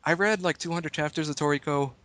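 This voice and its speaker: A man's voice: a little high, quick pace, fairly bright tone, no echo. A man in a casual podcast chat who explains things at length in a rambling, hesitant way.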